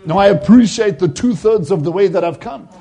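A man's voice: high-pitched, lively intonation, a little fast, dark tone, breathy edge. A man preaching a sermon, retelling a vision and acting out the voices in it with rising emphasis.

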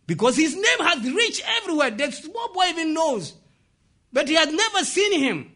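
A man's voice: very high-pitched, very animated, moderate pace, bright, forceful tone. A man preaching a sermon and telling a story, breaking in with "praise God" and asking the congregation to fill in the words. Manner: call-and-response, asks "what?" for the congregation to fill in; interjects "praise God" and "amen".

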